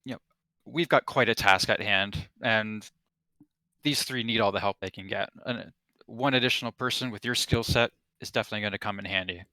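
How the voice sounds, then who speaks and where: Man as a commanding rebel leader; bright, forward tone. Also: fairly low pitch, fairly quick, dry recording. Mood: encouraging. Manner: briefing with hesitations, plain and direct. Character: male resistance leader, steady and commanding. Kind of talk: tabletop role-play voice.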